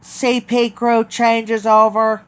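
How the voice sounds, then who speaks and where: Slow, halting man with a smooth voice. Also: extremely high pitch, completely flat delivery, a bit bright. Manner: halting, with many restarts and self-corrections. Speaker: train video vlogger. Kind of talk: casual vlog talk.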